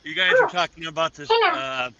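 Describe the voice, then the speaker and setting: A man's voice: extremely high pitch, animated, normal speed, creaky, lo-fi sound, a loud crowd. A man calling into a podcast, telling a casual anecdote with laughs. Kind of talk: casual chat.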